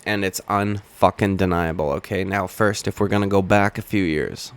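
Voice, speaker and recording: A man's voice: sits low, fairly even intonation, normal speed, clean tone. A man hosting a heated, profane commentary video, talking straight to his camera as he argues his points. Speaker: MMA commentary channel host. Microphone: webcam or camera mic.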